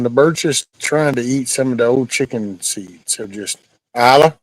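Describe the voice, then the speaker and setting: A middle-aged man with a relaxed drawl chats casually to his livestream viewers at a medium pitch. He rambles easily from topic to topic and keeps cutting in to tell his dog to settle down. The sound is dry and close, with no room echo. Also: moderate pace. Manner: laid-back, rambling, scolds his dog mid-sentence. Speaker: livestream host. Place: at home near a backyard chicken coop.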